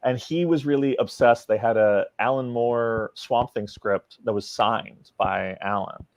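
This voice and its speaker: The comic book writer speaks at a measured pace in a medium-pitched voice, relating a casual story during a podcast interview and performing the lines he quotes. The sound is dry, dull and lo-fi, without echo.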